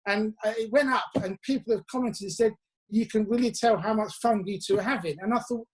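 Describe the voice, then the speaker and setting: A man from England, a musician guest, telling chatty anecdotes with quick asides over a video call from his home. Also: sits high. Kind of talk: casual interview chat.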